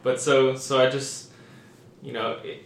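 A man's voice: mid-range voice, flat delivery, unhurried, slight background noise. A man in a casual Bible study discussion who talks hesitantly, with many fillers and restarts. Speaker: study participant. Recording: echoey room, distant mic, faint ambience.

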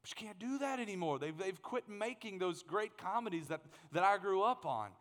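A man in his thirties preaching a sermon as pastor, animated and joking, often repeating words as he gets going. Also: sits high, normal speed, big-room sound.

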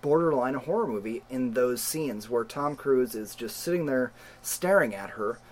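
A man co-hosting a casual film-review chat, excitable and laughing, with stumbling restarts. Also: mid-range voice, moderate pace, slight background noise. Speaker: podcast co-host.

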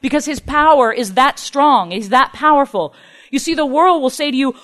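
A woman's voice: high-pitched, normal speed, fairly bright tone. A woman preaching a sermon in an earnest, emphatic way, acting out the people in her stories. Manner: earnest, emphatic, acts out quoted speakers.

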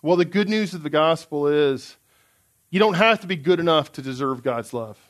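A man's voice: fairly high pitch, lively intonation, moderate pace. A man preaching a sermon in an earnest, emphatic way, reading out scripture passages.

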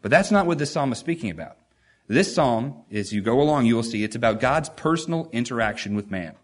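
A man's voice: mid-range voice, lively intonation, brisk. A man preaching a sermon, reading scripture and asking the congregation rhetorical questions with strong emphasis.

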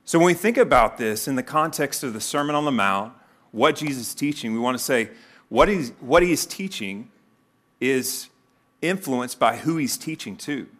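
A man delivers a sermon in an ordinary middle-pitched voice. He keeps it conversational, breaking into acted-out quotes with sudden leaps in pitch and loudness before settling back down. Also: normal speed. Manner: animated preaching, acts out quoted voices with sudden pitch jumps. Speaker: pastor.

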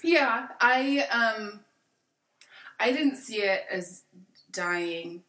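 A woman's voice: fairly high pitch, expressive, drawn-out words, bright, forceful tone. A woman from California with an American accent, telling stories in a casual podcast chat and laughing often. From California, USA. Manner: chatty storyteller, laughs often. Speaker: podcast guest. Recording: echoey room, mic far off.

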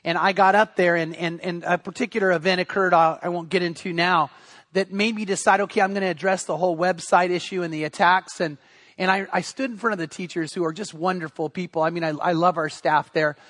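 A man's voice: high-pitched, steady tone, a little fast, a bit bright, no echo. A middle-aged man preaching a sermon, talking and telling stories in a conversational way and often restarting his sentences. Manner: storytelling, conversational with frequent restarts. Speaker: pastor.

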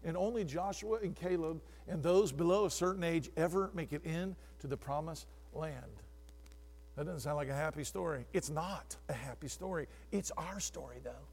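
Male preacher, high-pitched, dramatic, moves from near-whisper to shouting, long room reverb. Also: moderate pace, slightly rough. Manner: addresses congregants by name, swings from hushed to shouting. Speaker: pastor. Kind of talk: sermon.

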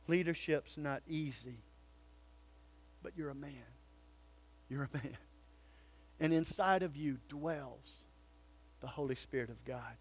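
A male pastor preaching a sermon, swinging between loud calls and hushed, earnest pleading. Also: on the high side, slow, long pauses, slightly rough.

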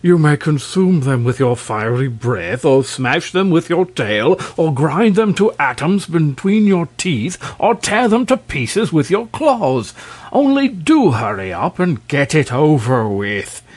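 An impatient, short-tempered king, put on by a male reader who barks orders in an irritable, commanding way. His voice climbs high and swings widely. It is a storybook reading. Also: very animated, measured pace. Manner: irritable, commanding, shrill when angry.

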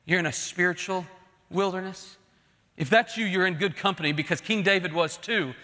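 Male pastor, high bright tenor, earnest emphatic sermon delivery, long church-hall reverb. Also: moderate pace. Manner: earnest, emphatic preaching that swells into pleading.

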